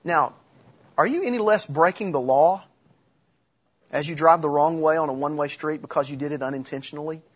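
A middle-aged man delivers a sermon in a husky, slightly high voice. He preaches conversationally, with restarts and light humor, and the recording sounds dull and lo-fi. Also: fairly quick. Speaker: pastor.

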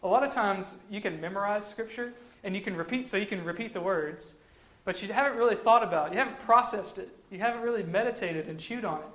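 A man's voice: high-pitched, fast, a bit bright. Man teaching casually in an echoey room. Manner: conversational, repeats phrases for emphasis. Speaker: Christian teacher.

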